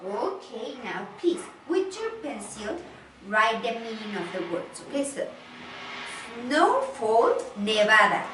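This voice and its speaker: Against a noisy background and in a roomy, distant recording, a woman with a fairly high, sing-song voice gives online English class instruction. Slow and patient, she repeats each phrase and translates it.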